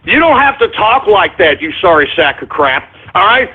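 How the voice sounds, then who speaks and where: A man's voice: sits high, very animated, normal speed, slightly rough. A man hosting a talk radio show, ranting and rambling, repeatedly asking "all right?", over a tinny phone-line sound.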